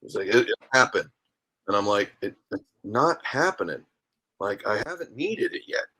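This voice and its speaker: A man, a guest on a podcast, chatting casually and telling animated stories with acted-out dialogue. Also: lowish voice, normal speed, breathy edge. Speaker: guest, minor league hockey goalie. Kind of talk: casual interview chat.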